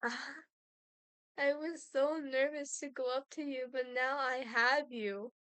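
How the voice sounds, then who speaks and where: A woman plays a possessive young woman, obsessed with a stranger, who speaks in a high voice and draws every word out slowly. Her delivery is intimate and quietly menacing. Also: fairly even intonation, dry recording. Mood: obsessive.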